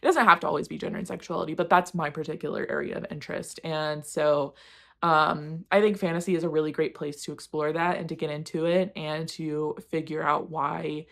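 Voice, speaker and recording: A woman's voice: low voice, steady tone, fairly quick, gravelly. A woman casually reviewing books she read, candid and rambling, often poking fun at herself and swearing offhand. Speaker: book reviewer. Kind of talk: casual book wrap-up chat.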